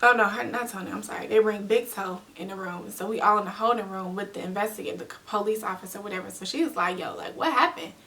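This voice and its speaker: A young woman telling a storytime vlog in a casual, animated way, full of slang and acted-out quotes. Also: mid-range voice, fast talker, hardly any pauses, distant mic. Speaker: vlogger.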